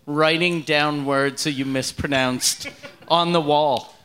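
A man co-hosts a podcast in casual chat, teasing his partner with crude jokes. His voice is bright and forward, pitched a little high for a man. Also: steady tone, slow. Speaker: podcast co-host.

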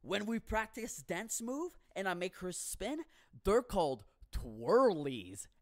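Man ranting with wild pitch swings. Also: takes it slowly, no room sound, studio quality. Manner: animated, swearing, bursts of shouting. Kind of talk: profane comic rant.

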